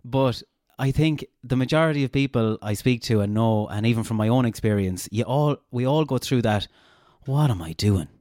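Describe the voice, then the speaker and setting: A man with a Castlebar Irish accent hosting a casual interview and telling anecdotes in a relaxed, chatty way. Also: mid-range voice, brisk, few pauses, no echo, studio quality. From Ireland, Castlebar. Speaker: podcast host.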